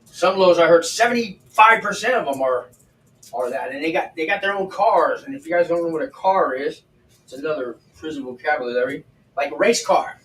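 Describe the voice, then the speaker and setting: Brisk and on the high side, with a fairly bright tone, an older man livestreams from his home kitchen and tells stories while he cooks. He's chatty, blunt, and profane, and the distant mic gives a roomy sound with faint background noise.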